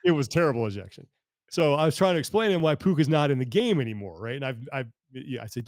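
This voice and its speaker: A man hosting a podcast, telling stories in a lively, casual way and laughing often. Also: medium pitch, no room sound. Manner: animated storyteller, quick to laugh. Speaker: podcast host. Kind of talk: casual chat.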